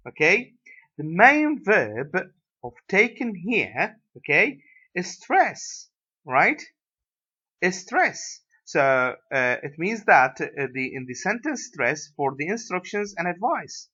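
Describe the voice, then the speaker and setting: Brief: man with an Iraqi accent, English teacher, bright voice, very slow and halting, dull lo-fi recording. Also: high-pitched, big pitch swings, breathy edge. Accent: Iraqi Arabic. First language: Arabic. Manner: hesitant, many fillers, tag questions like "right?". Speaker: university English lecturer. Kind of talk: recorded lecture.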